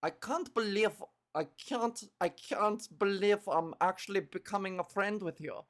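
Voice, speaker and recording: A woman voicing a brooding, standoffish young superheroine with a put-on Russian accent, in a gruff, clipped way. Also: medium pitch, a little slow, lightly acted. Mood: gruff aloof.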